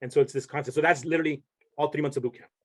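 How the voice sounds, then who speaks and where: A man's voice: fairly high pitch, fairly even intonation, rapid-fire. A young man, a podcast guest, telling a story in casual chat and rambling with many restarts.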